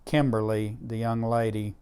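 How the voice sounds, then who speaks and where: In an interview, a middle-aged man who leads a disaster relief charity tells heartfelt stories from his work, earnest and emotional, with Southern grammar. His voice is lowish, level, and a little mellow, at a normal pace, with a clean tone.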